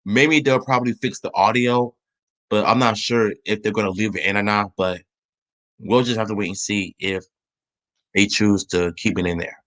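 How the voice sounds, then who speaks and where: A man hosting his own channel, chatting casually about a movie trailer in a rambling way, restarting his sentences and speeding up when excited. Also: fairly low pitch, moderate pace. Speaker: channel host. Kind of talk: casual trailer review chat.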